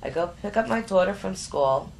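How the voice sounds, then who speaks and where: A middle-aged woman, a psychic guest in an interview, telling a story with lively energy. She stumbles and repeats words as she goes. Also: medium pitch, normal speed, vocal fry, a little hiss or hum, low-quality recording. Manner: lively, stumbles and repeats words, acts out other people's voices.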